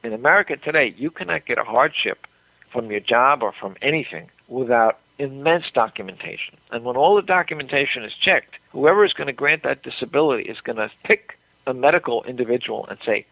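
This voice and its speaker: A man's voice: mid-range voice, expressive, a little fast, creaky, dry recording. An older man telling a story with emphasis as a guest in a radio interview, often repeating words as he goes. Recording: dry tinny phone line.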